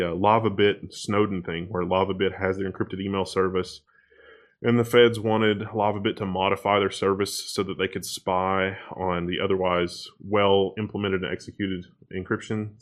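A man co-hosting a podcast, reading out tech news in a casual, animated and exasperated way. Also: fairly low pitch. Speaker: podcast co-host.

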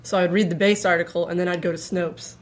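A woman's voice: on the low side, fairly even intonation, fast. A woman co-hosting a podcast, chatting casually with many "like" fillers. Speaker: podcast co-host. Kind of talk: casual chat.

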